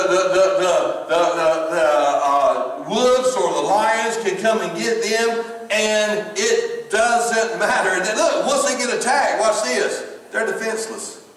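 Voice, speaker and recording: Heard from far off in an echoey church hall, a pastor's high, slightly bright voice carries a humorous sermon. He's a middle-aged man with a Southern US accent, folksy in manner, often laughing and repeating himself.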